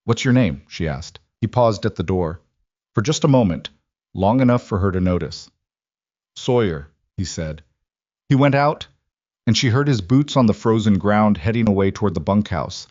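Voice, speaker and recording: A man reading a scripted story aloud as narrator, in a steady, measured storytelling manner. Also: on the low side, no room sound. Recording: dry, slightly dull sound.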